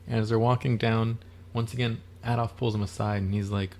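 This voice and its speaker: A man's voice: on the low side, flat delivery, brisk, a little mellow. A man co-hosting a podcast, chatting casually about a film and retelling its scenes step by step. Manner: retells movie scenes step by step, slipping into quoted dialogue. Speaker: podcast co-host.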